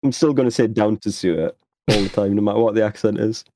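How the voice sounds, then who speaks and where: A man's voice: on the low side, steady tone, racing, dark tone, a little hiss or hum. A man playing a tabletop game, rambling through his character's introduction in a jokey way. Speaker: player. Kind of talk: casual tabletop game chat.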